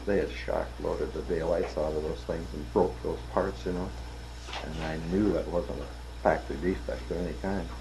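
Older man telling lively work stories. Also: sits low, moderate pace, gravelly, noisy background. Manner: animated anecdotes, acting out quoted voices, laughing at punchlines. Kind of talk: casual storytelling.

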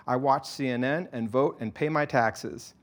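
Brief: male narrator as gruff older vendor, curt and defensive. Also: mid-range voice, moderate pace, lightly acted.

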